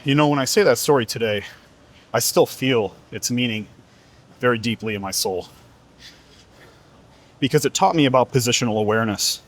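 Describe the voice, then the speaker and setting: A man's voice: mid-range voice, normal speed, pauses often. A man who is a fitness coach giving an earnest, emphatic motivational talk, repeating rhetorical questions to the listener.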